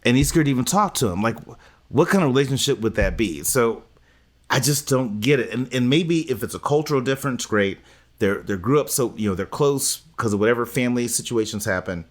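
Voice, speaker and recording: Male co-host, medium-pitched voice, opinionated, deliberate, casual chat. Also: animated. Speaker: podcast co-host.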